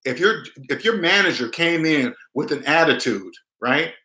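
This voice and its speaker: A man's voice: a little high, animated, normal speed, pushed and bright, echoey room. A man giving personal finance advice to his viewers in a casual livestream, emphatic and preachy, acting out what other people would say.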